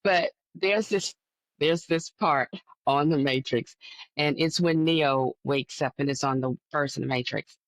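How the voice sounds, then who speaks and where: A woman co-hosting a spiritual conversation show. She tells her stories in an animated way and drops in folksy asides as she talks. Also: low-pitched, slow pace, no echo. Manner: lively storyteller, folksy asides like "girl" and "listen". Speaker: podcast co-host.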